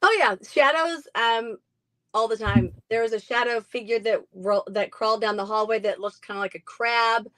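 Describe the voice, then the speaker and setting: A woman's voice: a little high, moderate pace, a bit bright, no echo. Chatty woman with a dry close sound. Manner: chatty, many ums, laughs often. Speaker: haunted house owner. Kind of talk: casual interview.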